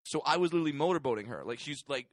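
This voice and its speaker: Lively-voiced man on a comedy podcast. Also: a little high, racing, no room sound. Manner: rambling, laughing, heavy use of fillers like "like". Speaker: podcast co-host. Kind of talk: casual comedy podcast chat.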